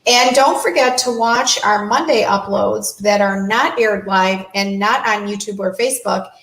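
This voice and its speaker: A woman's voice: medium pitch, a little slow, a bit bright. A woman hosting a casual talk show, chatty and agreeable, picking up her co-host's points. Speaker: host. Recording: echoey room.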